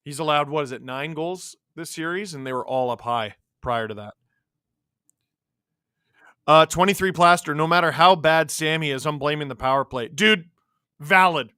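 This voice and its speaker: Man, live hockey watch-along host, excitable, slightly high voice, bright tone. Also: normal speed, smooth, no room sound, clean studio sound. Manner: excitable, reacts loudly to plays, reads out chat messages. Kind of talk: live watch-along commentary and chat replies.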